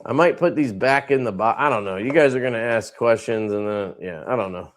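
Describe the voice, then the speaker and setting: A man's voice: medium pitch, a little fast. A man hosting a casual livestream from his knife company, showing products in a laid-back, rambling way with crude jokes.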